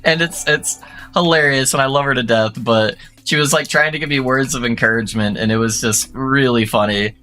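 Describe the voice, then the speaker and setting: A young adult man with a low, bright, forceful voice chats casually while streaming a game. He talks loosely to his viewers and breaks into excited whoops and laughs. Faint music plays under him. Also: normal speed. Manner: excited whoops and laughs between relaxed chatter. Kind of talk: casual gaming stream chat.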